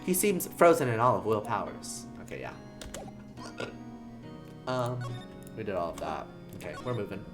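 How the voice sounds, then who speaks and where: A woman's voice: extremely low pitch, sing-song, moderate pace, pauses often, over loud music. A woman streamer chatting playfully while playing through a game and laughing at herself. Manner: playful, self-mocking, laughs often. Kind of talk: casual game playthrough chat.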